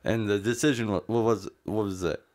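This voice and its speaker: Low-voiced man chatting about sports. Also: fairly even intonation, fairly quick, darkish tone. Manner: chatty, recaps game details with fillers. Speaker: sports podcast co-host. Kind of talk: casual sports chat.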